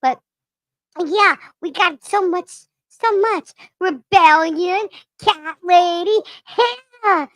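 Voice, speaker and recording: A bubbly livestream lemur with a strikingly high, squeaky voice that has gone a little hoarse. The lemur drawls its greetings slowly and gushes over each viewer. The sound is close and dry, with no room around it. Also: fairly bright tone, no room sound, full character voice. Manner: bubbly, gushing, calls out names one by one. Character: excitable chatty lemur character. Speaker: livestream host.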